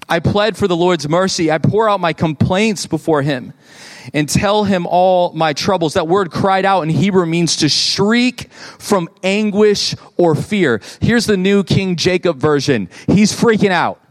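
A male pastor in his thirties preaching a sermon in a church, conversational and animated, acting out quoted voices. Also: unhurried. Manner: animated, conversational, acts out quotes with rising pitch.

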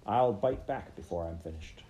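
A man's voice: normal speed, slight background noise, lightly acted. A man voicing a brave young rabbit heroine. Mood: defiant. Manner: low, even voice forcing calm.

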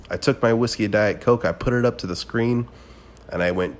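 This is a man with a fairly low voice, hosting a casual solo podcast. He tells stories in a rambling, profane way and keeps breaking into excited outbursts. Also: fairly quick. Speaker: podcast host.

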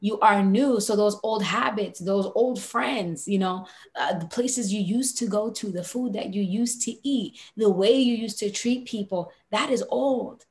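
A woman's voice: mid-range voice, measured pace, hardly any pauses, a little mellow. A woman hosting a faith podcast, speaking in an encouraging, preacherly way. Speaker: podcast host.

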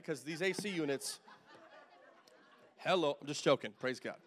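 A young adult man preaching a sermon in a church, joking with the congregation and swinging from quiet, intimate talk to loud bursts, sweating in the heat. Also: fairly high pitch, normal speed, long pauses. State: sweating in a hot room. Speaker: pastor. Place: church sanctuary.

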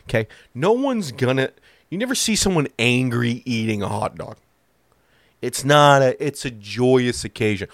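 A man telling a long comic story in a profane, animated way, acting out the lines of the people in it. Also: mid-range voice, moderate pace, dry recording, studio quality. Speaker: comedian. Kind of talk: stand-up storytelling.

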